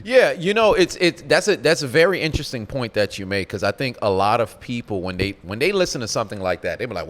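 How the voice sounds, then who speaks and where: A man with a mid-range voice talks things over at an unhurried pace in a casual podcast conversation. There is a long echo of the room around him. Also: mid-range voice, very animated, fairly bright tone. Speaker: podcast co-host.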